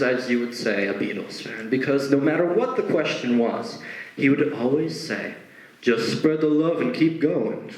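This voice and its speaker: A man's voice: medium pitch, fairly bright tone, echoey room, poor audio. A young man from Connecticut performing musical stand-up, telling a story and acting out its characters on a stage before an audience. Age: young adult. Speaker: comedian.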